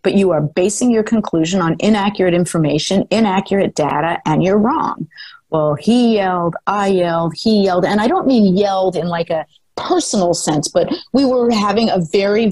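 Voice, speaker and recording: A woman's voice: mid-range voice, moderate pace, darkish tone, husky, no echo, rough recording. An older woman telling a story in a podcast interview, articulate and emphatic, speaking self-assuredly into a close mic. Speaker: guest, former sports executive.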